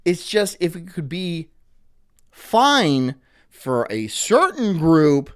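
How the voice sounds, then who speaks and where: A man's voice: on the high side, sing-song, takes it slowly, clean tone. A man hosting a livestream, ranting profanely and animatedly about news clips. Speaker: livestream host.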